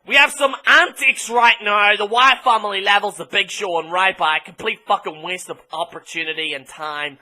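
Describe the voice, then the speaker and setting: An Irish man gives a casual, profane wrestling recap, blunt and full of ums. His voice sits high for a man and comes across very bright and sharp. The talk is loose and unscripted. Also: moderate pace, hardly any pauses. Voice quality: blunt, sweary, filler-heavy with many ums. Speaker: wrestling show reviewer.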